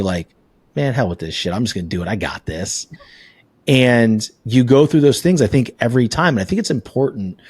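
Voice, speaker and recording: Male podcast host, husky and dry, earnest casual storyteller. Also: lowish voice, a little mellow, no room sound. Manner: earnest, storytelling with filler words. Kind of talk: casual conversational interview.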